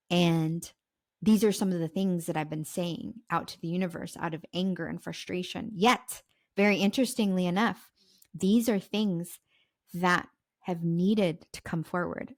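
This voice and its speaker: A woman's voice: on the low side, no room sound. A young adult woman hosts her own podcast in a confessional monologue. Her talk is raw, circling and peppered with swearing, and her throat is sore. The recording is close and dry, with no room sound. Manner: raw and emotional, swearing, repeating phrases. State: throat sore while sharing. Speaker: podcast host and self-love coach.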